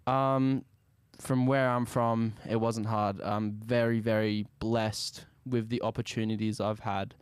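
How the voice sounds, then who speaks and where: Soft-spoken young Australian man, low voice. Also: level tone, measured pace, few pauses, clean tone, no room sound, studio quality. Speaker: musician guest. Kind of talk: casual interview.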